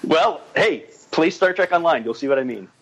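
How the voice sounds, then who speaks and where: A man with a slightly husky, higher-set voice recounts behind-the-scenes stories on a podcast. He hesitates often, says "um" a lot, and chuckles as he goes. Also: animated, normal speed, low-quality recording. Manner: hesitant, many fillers, chuckles at his own stories. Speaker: guest director and writer. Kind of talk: casual podcast chat.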